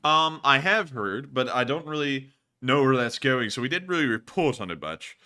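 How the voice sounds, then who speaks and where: Male livestream host, bright and forward voice, casual, easy laugh, mid-range pitch. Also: animated, normal speed, smooth. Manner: chatty, laughs easily, stock sign-off phrases.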